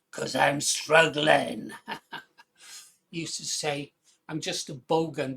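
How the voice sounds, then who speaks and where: Chatty Welsh-born man hosting a channel. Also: fairly high pitch. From Wales. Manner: chatty, rambling, chuckles often, urges viewers loudly. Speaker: channel host. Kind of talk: casual commentary on video clips.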